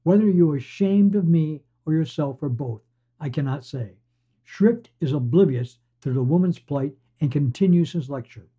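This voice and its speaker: A man hosting a podcast and reading fiction aloud in a steady storytelling voice. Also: on the high side, normal speed, husky. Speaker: podcast host and reader. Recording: dull lo-fi recording.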